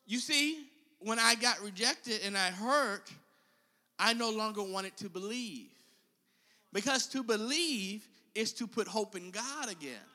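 A man's voice: high-pitched, animated, a little slow, pushed and bright, big-room sound. A male preacher giving an impassioned sermon and calling out to his congregation. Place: church.

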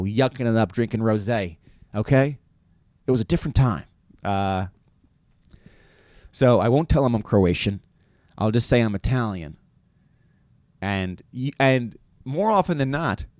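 Young adult man, low voice, casual comic rambler full of fillers, dry sound. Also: darkish tone, no room sound. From New York. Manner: rambling, self-deprecating, many fillers and restarts. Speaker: comedian. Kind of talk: casual comedic monologue.

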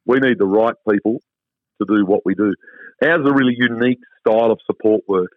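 An Australian man talks through a tinny, phone-like line. His delivery is relaxed and chatty, with an upbeat lift as he explains things. The sound is dry and close. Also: fairly low pitch, fairly quick, no echo. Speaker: travel company guest. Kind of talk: phone interview.

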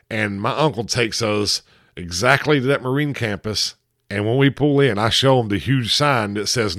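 A man's voice: on the low side, moderate pace, a bit bright, dry recording, clean studio sound. A man hosting a podcast, telling a story in a laid-back, conversational way. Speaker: podcast host. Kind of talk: casual storytelling.

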